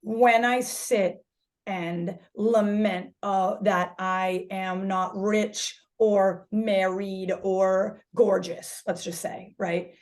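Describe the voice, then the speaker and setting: A woman yoga instructor talking candidly as a podcast guest, animated, swearing freely and restarting her sentences as she searches for words. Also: medium pitch, extremely slow. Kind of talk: casual podcast conversation.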